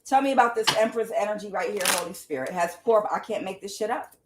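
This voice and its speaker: A woman's voice: medium pitch, fast talker, background noise. A woman doing a casual tarot reading, speaking bluntly with swearing and calling on the Holy Spirit as she goes. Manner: talks aloud to the Holy Spirit, blunt and profane. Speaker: tarot reader.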